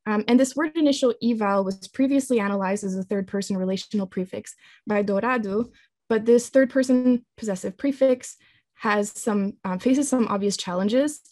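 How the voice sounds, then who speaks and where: A woman presenting a linguistics talk with slides, explaining in a measured way with frequent ums and restarts. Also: medium pitch, a little mellow, no echo.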